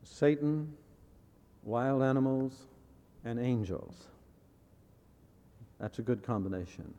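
A man preaching in a measured, deliberate way, returning to his key phrases to drive them home. His voice sits at an ordinary middle pitch, and it carries a long reverb as if from a large church hall. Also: expressive, dark tone. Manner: asks the audience rhetorical questions. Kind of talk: sermon.

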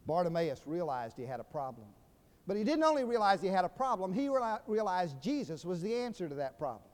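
A man's voice: sits high, sing-song, brisk. An older man from Georgia with a Southern accent, preaching a sermon with folksy storytelling and humor that builds into emphatic proclamation. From Georgia, USA. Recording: long reverb of a large hall.

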